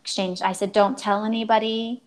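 A woman in her thirties shares a deeply personal story with earnest feeling. She acts out the dialogue as she quotes it and often restarts her sentences, speaking at a medium pitch. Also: flat delivery, moderate pace, rough recording. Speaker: guest telling her story.

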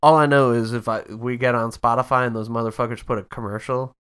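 A man's voice: medium pitch, quick pace, clear, resonant tone. A young man co-hosting a casual podcast chat, swearing freely and lapsing into mocking impressions. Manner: profane, animated, mocking impressions. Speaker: podcast co-host.

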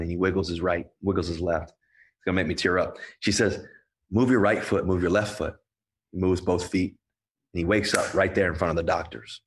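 A man telling a personal story to an audience, earnest and emotional, often restarting and repeating himself. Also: deep voice. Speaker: guest speaker.

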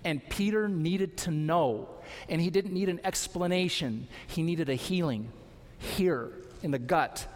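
A man's voice: on the high side, measured pace. A man pastor giving an earnest sermon, pressing his point with rhetorical questions. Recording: long hall reverb.

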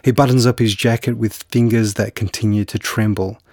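A man with a somewhat low voice talks about his novel in an unhurried, halting way, full of fillers and false starts. The sound is dry and close, with no room around it. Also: steady tone, darkish tone, dry recording. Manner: hesitant, halting with restarts and fillers. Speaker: novelist guest. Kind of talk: conversational interview and book reading.

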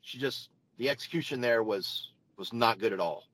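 A man co-hosting a wrestling podcast, chatting casually as an eager fan whose voice jumps up when excited. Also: medium pitch, moderate pace, a little hiss or hum, rough recording. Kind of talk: casual chat reviewing wrestling.

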